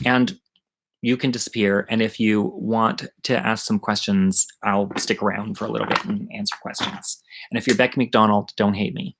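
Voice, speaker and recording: A man's voice: fairly low pitch, fairly even intonation, moderate pace, a bit bright, rough recording. A middle-aged man telling a story from his childhood in a chatty, rambling way, swearing freely, as the host of an online story hour. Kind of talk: casual live-streamed storytelling.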